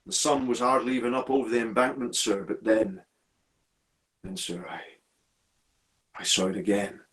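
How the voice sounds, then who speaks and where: A man voicing a haunted, deferential railway signalman who talks haltingly and keeps calling his listener sir, in a live dramatic storytelling. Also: fairly low pitch, fairly even intonation, a bit bright, natural voice. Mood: hushed, haunted.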